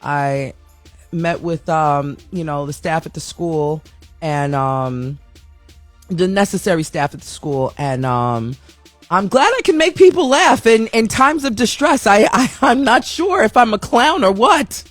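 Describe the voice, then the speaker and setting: A woman's voice: lowish voice, lively intonation, measured pace, dry recording, soft background music. A woman hosting her own talk show from a home studio, chatting candidly, laughing often and joking at her own expense. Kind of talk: casual chatty monologue.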